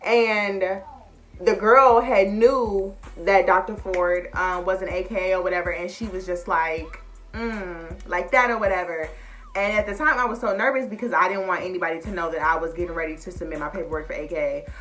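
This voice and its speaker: A woman's voice: fairly low pitch, fairly even intonation, a little fast, a bit bright. A young woman, chatting casually and emotionally to her viewers as y'all. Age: young adult. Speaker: vlogger. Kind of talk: casual chat to camera.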